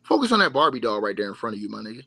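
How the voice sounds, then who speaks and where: A man's voice: fairly low pitch, big pitch swings, racing, gravelly, sharp tone, no room sound. A man hosting a livestream, giving a mocking, repetitive sports rant straight to his audience. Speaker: livestream host. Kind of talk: animated sports rant to viewers.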